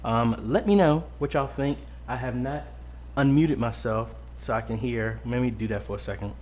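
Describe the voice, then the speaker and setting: A man's voice: mid-range voice, normal speed, a little mellow, a little hiss or hum. A man hosting a casual weekly live-stream Q&A from a home studio, greeting viewers by name with lots of ums. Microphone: boom-arm mic close up.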